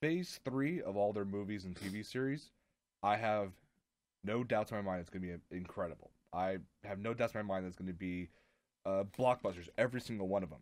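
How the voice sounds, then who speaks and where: A man's voice: fairly low pitch, a little fast, no echo. A man co-hosting a casual chat show over drinks, explaining his points earnestly and at length. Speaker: co-host.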